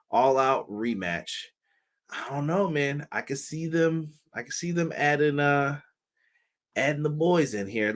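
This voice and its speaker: A man's voice: fairly high pitch, fairly bright tone. A man hosting a casual wrestling review show, talking loosely with laughs, curses and mock voices. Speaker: wrestling podcast host.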